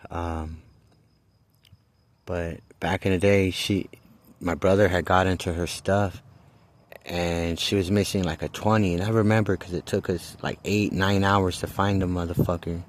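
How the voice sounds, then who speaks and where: Deep-voiced man telling a rambling story. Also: fairly even intonation. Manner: rambling, halting, swears freely. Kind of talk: casual personal storytelling.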